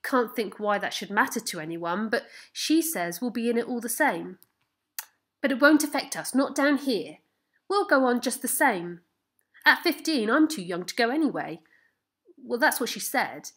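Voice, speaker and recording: A woman's voice: on the high side, lively intonation, moderate pace, a bit bright, breathy edge. A woman reading aloud as a kind, eager fifteen-year-old farm boy who speaks tenderly to his horse. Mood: earnest. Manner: tender, coaxing, proud. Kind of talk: storybook reading.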